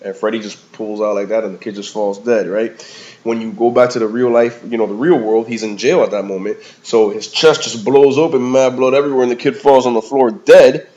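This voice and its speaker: A man's voice: medium pitch, steady tone, a little fast, a little mellow. Slangy man reviewing a movie, lo-fi. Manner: slangy, rambling, peppers talk with "man" and "bro". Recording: slightly dull lo-fi recording.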